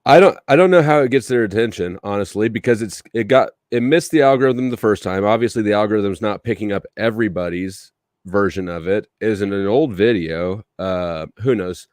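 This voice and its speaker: A man with a fairly low voice hosts a casual livestream chat, talking in a relaxed, rambling way and restarting his sentences. The sound is dry and close. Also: brisk, no room sound. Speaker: livestream host.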